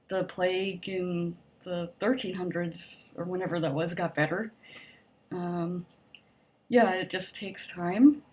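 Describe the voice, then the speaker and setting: Young adult woman, casual vlogger answering a survey, a bit lower-pitched, optimistic, loose and chatty with filler words. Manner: chatty, upbeat, optimistic, frequent "like" and "um". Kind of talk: casual survey vlog, reading questions and answering.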